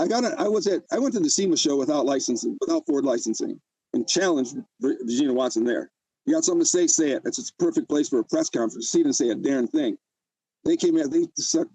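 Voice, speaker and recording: A man's voice: medium pitch, dark tone, breathy edge, no room sound, rough recording. An older man telling his own story in an emotional interview, agitated and often repeating himself. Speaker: interview guest.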